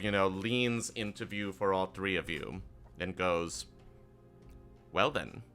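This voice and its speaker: Bright, smooth-voiced male game master. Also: mid-range voice. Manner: relaxed and playful, with light teasing. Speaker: game master and show host. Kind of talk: narrating a tabletop game.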